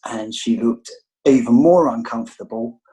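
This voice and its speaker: A man's voice: medium pitch, normal speed, warm tone, rough recording. A man with an English accent sharing his recovery story on a video call, reflective and rambling, often ending his thoughts with a questioning "right?". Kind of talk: candid personal share on a video call.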